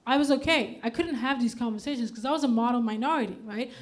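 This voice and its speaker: A woman from Denmark doing a stand-up comedy set on a club stage, with deadpan setups and punchy acted-out quotes, audience laughter behind her. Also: fairly high pitch, fast talker.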